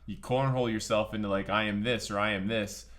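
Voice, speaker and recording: A man's voice: on the low side, steady tone, brisk, fairly bright tone. A man hosting a podcast, chatting casually and rambling with lots of filler words. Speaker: podcast host.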